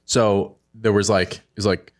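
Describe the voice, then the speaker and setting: Very low-voiced excitable man chatting. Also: unhurried. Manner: excitable, rambling, animated storytelling. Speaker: podcast host. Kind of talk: casual chat.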